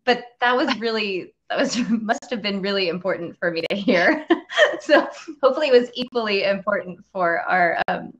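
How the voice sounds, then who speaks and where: A woman hosting a casual video interview, talking in a chatty, halting way with many fillers, restarts and frequent laughs. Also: medium pitch, animated. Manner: laughs often while talking. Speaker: interview host.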